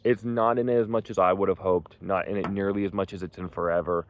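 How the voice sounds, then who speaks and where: A man's voice: low-pitched, steady tone, fast, slight background noise. A young man reviewing a movie in casual, rambling chat, full of "like" and "um" and swearing freely. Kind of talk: casual spoken film review.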